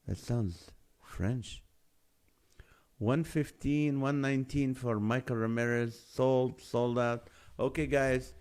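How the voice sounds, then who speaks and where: Live-stream host, man, unhurried delivery, chuckles while reading out chat comments. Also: medium pitch, a little mellow. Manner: reads names and guesses aloud, laughs often.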